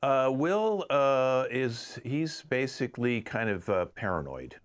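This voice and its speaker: A man's voice: mid-range voice, very animated, slow pace. A man co-hosting a live online improv show, making wry, rambling asides over a video call. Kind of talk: joking co-host banter.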